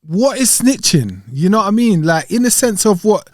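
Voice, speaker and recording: A man's voice: high voice, very animated, moderate pace, no echo, studio quality. A young man, chatting casually in slang and laughing easily on a podcast. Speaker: podcast guest. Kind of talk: casual chat.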